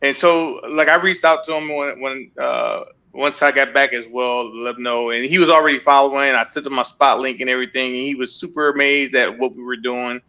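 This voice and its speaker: A man with a bright, forceful voice telling road stories on a podcast. He talks in a loose, conversational way and slips into the voices of people he met. The delivery is animated and chatty. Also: medium pitch, brisk, hardly any pauses, highs cut off. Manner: animated storyteller who acts out what others said. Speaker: long-distance motorcycle rider, podcast guest. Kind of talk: casual podcast storytelling.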